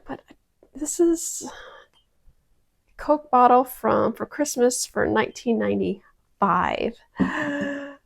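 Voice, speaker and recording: Woman, home kitchen product tester, chatty, dramatic asides, gravelly fry. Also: fairly high pitch, slight background noise. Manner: chatty, self-interrupting, dramatic exclamations. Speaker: product-testing vlogger. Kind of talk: casual kitchen product review.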